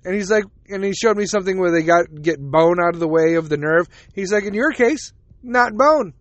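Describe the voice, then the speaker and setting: A man's voice: high-pitched, steady tone, fast, dry recording, highs cut off. A man hosting a casual solo podcast, rambling and swearing as he retells conversations, tired and yawning. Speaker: podcast host.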